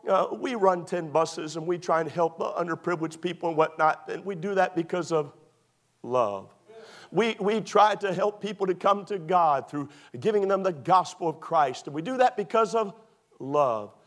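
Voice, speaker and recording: A middle-aged man preaching a sermon to his church, restarting his sentences and repeating emphatic phrases. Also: fairly high pitch. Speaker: pastor. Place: church sanctuary.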